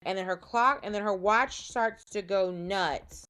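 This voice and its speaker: Woman co-host with a bright, sharp voice, casual and expressive in a podcast recap. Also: medium pitch, measured pace, smooth.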